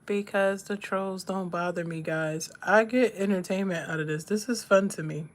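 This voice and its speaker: A woman with a medium-pitched voice, speaking at normal speed, hosts a livestream while doing her makeup. She's laid-back, talking to her chat and reading viewers' comments aloud.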